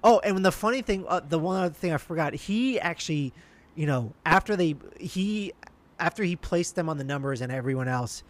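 A man's voice: a little high, lively intonation, fairly quick. A man telling a casual anecdote, rambling along with many restarts and fillers.

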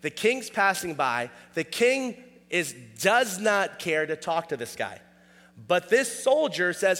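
A man's voice: high voice, very animated, takes it slowly, a bit bright, big-room sound. A man preaching a sermon in a casual, conversational way, often asking "all right?". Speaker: pastor.

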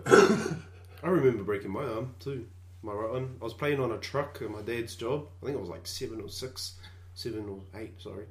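A man's voice: mid-range voice, normal speed, a little hiss or hum. A man telling childhood stories in casual chat, laughing and swearing casually. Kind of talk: casual storytelling among friends.

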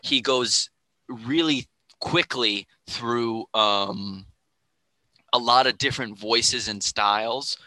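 A man's voice: mid-range voice, slow pace, pushed and bright, no room sound, poor audio. A man in a casual podcast conversation, explaining rap to the host in a thoughtful way. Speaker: guest explaining rap music.

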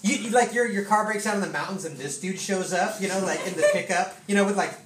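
A pastor telling a sermon story in a lively, laughing way, full of fillers. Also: medium pitch, quick pace. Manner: animated, laughing, many fillers. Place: church hall with congregation. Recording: echoey hall, distant, noisy.

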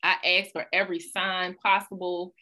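A woman hosting a podcast, telling a personal story in a casual, animated, slangy way and laughing along. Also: on the low side, normal speed. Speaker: podcast host.

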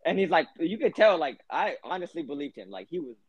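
A man's voice: fairly high pitch, sing-song, fast, noisy background. Rambling young man telling a podcast story. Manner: rambling, heavy "like" fillers, profane. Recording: dull lo-fi podcast audio.

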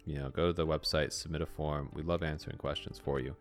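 Deep-voiced laughing podcast co-host. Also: male voice, flat delivery, fast, soft background music. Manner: laughs often, acts out his own inner voice. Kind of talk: casual chat.

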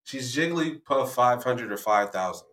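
A man's voice: mid-range voice, lively intonation, measured pace, fairly bright tone, reverberant, poor audio. A young man hosting a podcast, playful and teasing in casual, slangy chat. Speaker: podcast host.

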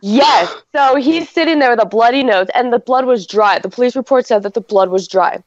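A woman's voice: a little high, a little fast, no room sound, highs cut off. A woman and mother, telling a story in casual chat, rambling with lots of "like" and swearing.

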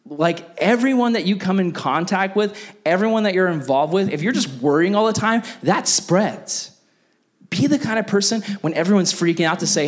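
Animated man preaching a sermon. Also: high-pitched, normal speed. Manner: animated, acts out quoted voices. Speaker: pastor.

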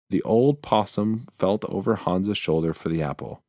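A man narrating a children's storybook in a slow, measured reading. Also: low-pitched, dark tone, no echo, studio quality.

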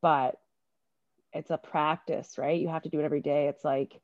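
A woman's voice: low-pitched, fairly even intonation, normal speed, no room sound. A woman chatting reflectively and casually, with plenty of filler words. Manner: reflective, many fillers like "like" and "you know". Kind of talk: casual conversation. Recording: dull lo-fi sound, dry.

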